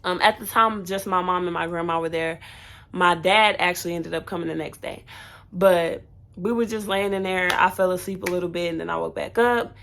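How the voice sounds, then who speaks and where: A woman's voice: fairly low pitch, fairly even intonation, fairly quick, vocal fry, a bit bright, a little hiss or hum. Candid young woman telling a storytime. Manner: candid, chatty, with fillers and self-corrections. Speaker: new mother telling her birth story. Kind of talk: casual storytime vlog.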